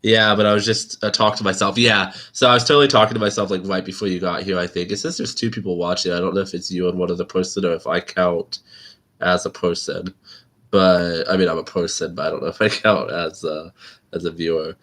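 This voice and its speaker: A man's voice: low-pitched, flat delivery, a little fast, a bit bright. A man hosting his own channel, chatting casually and rambling on a live stream and laughing often.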